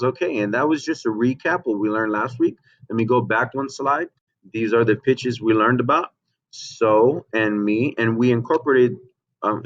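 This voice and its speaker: A man teaching a remote music lesson to children, explaining patiently and checking in with "okay?" and "right?". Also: medium pitch. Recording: dull lo-fi home recording.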